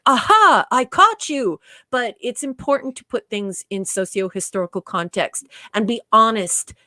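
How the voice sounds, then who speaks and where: A woman's voice: mid-range voice, no room sound. Woman chatting on a podcast, lots of uh and restarts, dry close mic. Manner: hesitant, many restarts and fillers, trails off softly. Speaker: guest co-reviewer. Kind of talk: casual podcast discussion.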